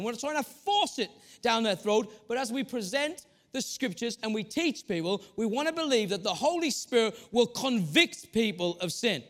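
Guy preaching, really high voice, storytelling sermon. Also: a bit bright. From Northeast England. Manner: storytelling preacher, shifts pace often.

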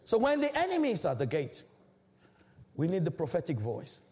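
A man's voice: wildly swooping pitch, normal speed, a little mellow. A man from Africa preaching a sermon as a church elder, emphatic and declamatory, in a large church. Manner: emphatic, declamatory preaching with big swells in pitch.

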